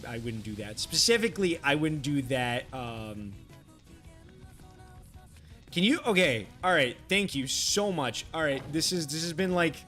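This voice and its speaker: A man on a live stream, talking casually in a slightly higher-than-usual voice while he reads out chat messages. He rambles with fillers and keeps apologizing, dropping the odd swear. Faint music plays underneath. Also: fairly bright tone. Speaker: livestreamer.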